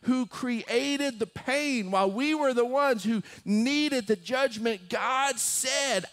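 A man in his forties, a pastor preaching a sermon, telling a story and rising to emphatic high peaks. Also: lively intonation, slow pace, few pauses, fairly bright tone.

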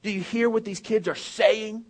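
A man's voice: sits high, fairly even intonation, moderate pace. A man preaching a sermon as pastor, telling a funny personal story and then making an earnest point to the congregation.

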